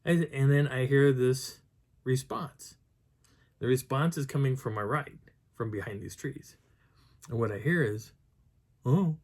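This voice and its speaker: A man's voice: medium pitch, a little slow, vocal fry, long pauses, a little mellow. A man telling a rambling story about a mountain hike, with many restarts, stopping to act out the voices of people he met. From Colorado high country. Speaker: Bigfoot researcher telling a field story. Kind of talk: casual storytelling.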